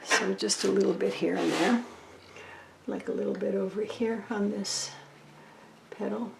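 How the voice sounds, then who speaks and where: A woman's voice: medium pitch, steady tone, unhurried, gravelly, roomy sound, noisy background. A woman explaining her painting step by step as she works, thinking aloud and often dropping to a near whisper. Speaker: painting instructor. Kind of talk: casual tutorial narration while painting.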